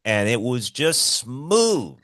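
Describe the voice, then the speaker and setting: A man co-hosting a podcast in casual chat, excitable and swearing freely, swinging between loud bursts and hushed asides. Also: medium pitch, slow pace, no echo, clean studio sound. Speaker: podcast co-host.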